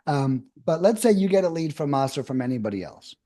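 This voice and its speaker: Mellow-voiced man coaching phone scripts. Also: fairly high pitch, big pitch swings, fairly quick. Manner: acts out phone scripts in a friendly salesman tone. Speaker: land investing coach, podcast guest. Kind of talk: coaching explanation in a podcast interview.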